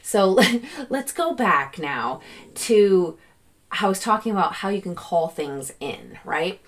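A woman hosting a podcast on her own, talking casually and animatedly, often slipping into excited quoted gratitude. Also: medium pitch, takes it slowly. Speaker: podcast host. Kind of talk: casual solo podcast talk.

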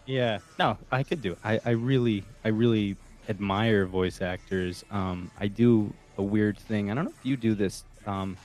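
A man talking casually as a guest, halting and full of fillers, often poking fun at himself. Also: lowish voice, a little mellow. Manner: halting, filler-heavy, self-deprecating. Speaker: musician guest. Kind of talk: casual chat.

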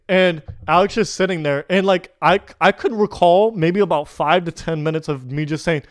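Young man, podcast co-host, high voice, animated, laughing storyteller. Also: normal speed. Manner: animated, laughing, swearing, acts out quotes. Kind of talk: casual chat, storytelling.

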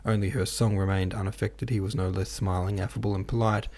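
A man reading a classic novel aloud as an audiobook narrator, with a measured, even delivery. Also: sits low. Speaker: podcast host and audiobook reader.

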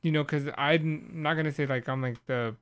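A man's voice: fairly high pitch, steady tone, normal speed, fairly bright tone, clear, resonant tone. A man co-hosting a podcast in casual chat, rambling and laughing easily. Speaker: podcast co-host.

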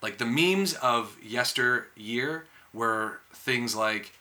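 A man's voice: mid-range voice, takes it slowly, bright, forceful tone. A man chatting casually as a podcast co-host, mostly giving short agreements and now and then musing at length. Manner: laid-back, short agreeing replies with longer musings.

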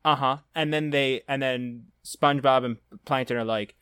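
A man's voice: medium pitch, brisk, hardly any pauses, clean tone, dry recording, clean studio sound. A young man hosting a podcast, telling rambling stories in casual chat. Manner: rambling storyteller, animated when retelling scenes. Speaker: podcast host.

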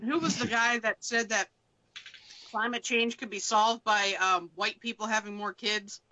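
Panelist, bright forceful tone, incredulous questioner; muffled recording. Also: medium pitch, fairly even intonation, measured pace, a little hiss or hum. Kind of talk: casual political talk. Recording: dull lo-fi audio.

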